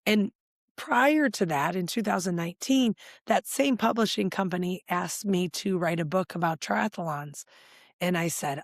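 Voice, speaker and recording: A woman's voice: fairly low pitch, moderate pace, no room sound, clean studio sound. A middle-aged woman, a life coach, talking as a podcast guest, telling her story candidly and acting out past conversations. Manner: animated, acts out past dialogue, gets emotional.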